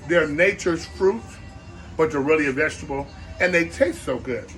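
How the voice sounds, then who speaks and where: A man's voice: fairly high pitch, normal speed, a bit bright, faint music behind. A man hosting a comic cooking show, rambling playfully with asides while he chops vegetables.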